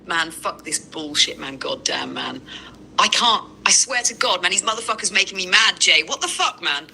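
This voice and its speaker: A foul-mouthed female AI assistant voiced by a woman that erupts in profane insults. Her voice sits a touch low yet rings very bright and sharp. Her rage is crude and relentless. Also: animated, normal speed, gravelly, a little hiss or hum, full character voice, rough recording. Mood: furious cursing.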